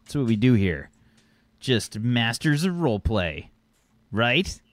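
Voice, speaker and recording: A man hosting a sci-fi role-play show, introducing it in a rambling, halting way with many fillers. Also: mid-range voice, big pitch swings, no echo. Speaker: host and game master.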